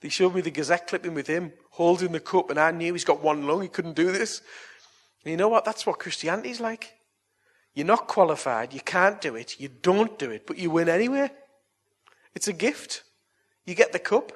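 A preacher with a husky, slightly raised voice. He spins a yarn like a chat among mates, then turns it into earnest, coaxing appeals. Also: sits high, lively intonation, normal speed. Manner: chatty, anecdotal storytelling. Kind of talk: evangelistic sermon and altar call.

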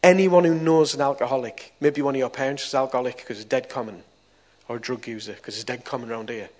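Preacher telling a testimony. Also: male voice, medium pitch, steady tone, fast. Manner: storytelling, swings from soft to loud. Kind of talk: testimony sermon.

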